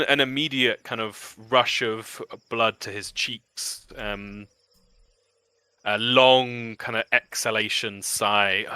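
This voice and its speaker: Guy running a tabletop game, super bright crisp voice, dry mic, lots of ums. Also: on the low side, no room sound. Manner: descriptive, with frequent ums. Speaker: game master.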